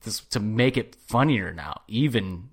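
Animated man telling stories on a podcast. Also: on the low side, a little slow, breathy edge. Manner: animated storyteller, swearing. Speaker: podcast host. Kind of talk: casual chat.

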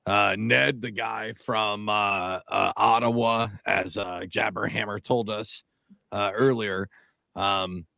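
Gravelly, teasing podcast man. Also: fairly low pitch, fairly even intonation, takes it slowly, bright, forceful tone, no echo, studio quality. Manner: teasing, joking. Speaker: podcast co-host. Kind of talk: casual podcast chat.

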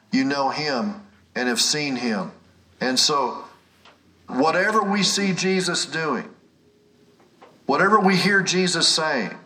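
A man's voice: mid-range voice, bright, forceful tone, recorded from a distance, rough recording. A man preaching a healing sermon with fervent emphasis, repeating key phrases for stress. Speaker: preacher teaching a healing class. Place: away from his usual setting, near an airport.

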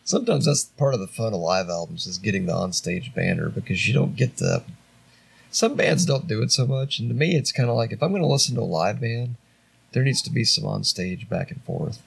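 A man with a low, gravelly, husky voice rambles through casual podcast chat. He swears freely and gets excited about what he loves. His tone is loose and unpolished. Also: fairly quick. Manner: rambling, profane, enthusiastic. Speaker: podcast co-host.

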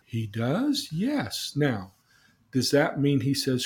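A man's voice: mid-range voice, wildly swooping pitch, slow pace. A man telling personal stories in a casual, earnest way, repeating himself and asking leading questions. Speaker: guest telling life stories.

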